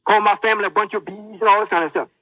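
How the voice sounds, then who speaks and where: High-voiced boastful male preacher. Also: steady tone, very fast, no echo, lo-fi sound. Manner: boastful, menacing. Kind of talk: sermon.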